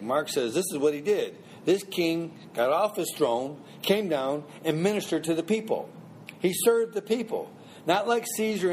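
A man's voice: a little high, a little hiss or hum. Man teaching a Bible class. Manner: conversational, asks the class questions, emphatic repetition.

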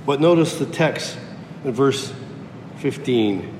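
Unhurried and leaving long pauses, a man delivers an emphatic sermon in which he repeats key phrases for effect. Echo fills the hall, and a faint rumble lingers.

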